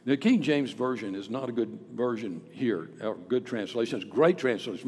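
A man preaching a sermon, with dramatic swings from hushed to loud. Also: medium pitch. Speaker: pastor. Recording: long reverb of a large hall.

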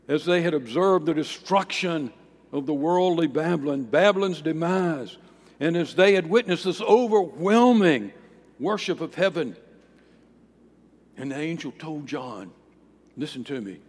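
A pastor preaching a sermon, emphatic, with swings in volume and pitch. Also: male voice, moderate pace. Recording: long reverb of a large hall.

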